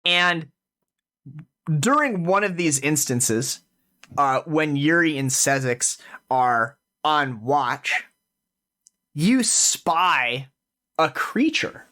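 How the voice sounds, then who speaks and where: A man's voice: a little high, lively intonation, very slow, long pauses, pushed and bright. A man narrating and running a tabletop fantasy game as game master, in a casual way with many fillers.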